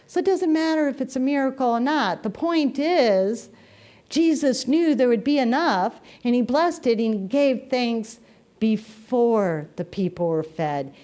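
A woman minister giving a sermon, telling stories with gentle humor. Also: on the high side, animated, unhurried.

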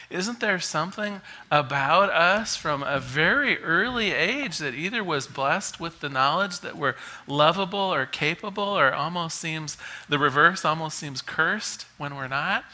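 A man gives an inspirational talk to a live audience in a conversational way, leaning on rhetorical questions. His voice is bright and forceful, and his pitch sits slightly high. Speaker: speaker.

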